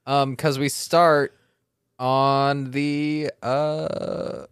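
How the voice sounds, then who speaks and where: A man chatting casually as a guest, with deadpan jokes and puns. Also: mid-range voice, very slow, smooth, no echo, studio quality. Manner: deadpan, joking. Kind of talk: casual chat.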